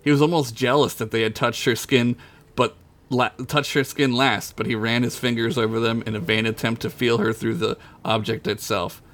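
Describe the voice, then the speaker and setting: A man's voice: mid-range voice, little pitch movement, moderate pace, a bit bright. Man reading a comic story aloud. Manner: casual, laughs into his own lines. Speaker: podcast storyteller.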